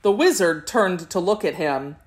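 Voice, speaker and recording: A woman reading a children's classic aloud as an audiobook narrator, with expressive, measured storytelling. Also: on the low side, slightly rough. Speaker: audiobook reader.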